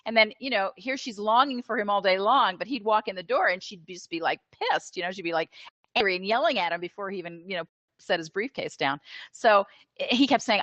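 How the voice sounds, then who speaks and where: A woman being interviewed as a therapist, explaining in an animated, conversational way with filler words, over a video call. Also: medium pitch, fairly quick, no room sound. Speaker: interview guest, attachment therapist.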